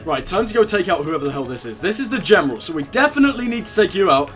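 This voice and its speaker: A man's voice: fairly high pitch, sing-song, quick pace, few pauses, a bit bright, faint music behind. A young man casually commenting on his gameplay, joking irreverently and talking to the characters on screen. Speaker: let's play gamer.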